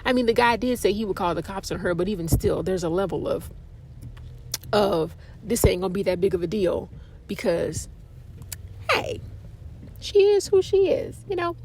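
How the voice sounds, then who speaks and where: A woman hosting a casual podcast, telling a story in an animated, dramatic way. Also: moderate pace, long pauses, slight background noise. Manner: animated and dramatic, with expressive pitch jumps. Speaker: podcast host.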